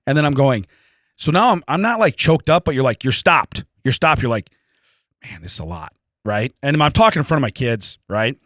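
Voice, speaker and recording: A man's voice: mid-range voice, animated, moderate pace, a bit bright, dry recording, studio quality. A man, telling a long comic story in casual podcast chat and laughing often. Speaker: podcast co-host.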